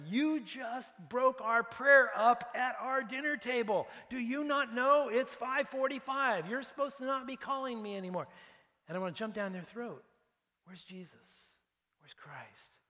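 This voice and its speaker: A male pastor giving a conversational, animated sermon, acting out prayers and dropping into hushed asides. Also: a little high, long reverb tail. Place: church sanctuary.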